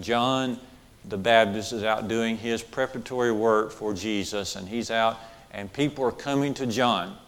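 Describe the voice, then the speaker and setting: A man's voice: lowish voice, in a large hall. A male preacher delivering a sermon, repeating key phrases for emphasis and checking in with listeners with questions and frequent "okay"s. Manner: says okay often, asks questions of the listeners.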